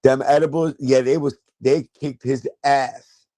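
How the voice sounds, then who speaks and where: A man's voice: medium pitch, steady tone, measured pace, mellow, no echo. A man from New York hosting a casual livestream from a chair at home, telling a story in a loose, profane way and laughing as he goes. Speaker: sneaker livestream host.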